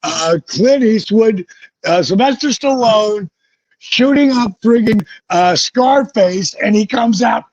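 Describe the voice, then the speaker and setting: A man with a fairly high, husky voice tells wild stories in an interview, swearing freely and jumping into the voices of the people he quotes. The sound is dry and close, with a dull, lo-fi edge. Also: expressive, slow, darkish tone, no echo. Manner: vivid, profane storytelling that acts out quoted voices. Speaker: guest, former pro wrestler. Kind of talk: animated storytelling interview. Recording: dull lo-fi recording.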